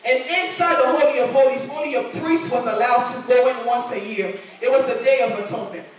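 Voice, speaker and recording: A woman's voice: a little high, brisk, a little hiss or hum. A woman preaching a sermon in a church, earnest and repeating lines for emphasis. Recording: echoey church hall, voice from far off.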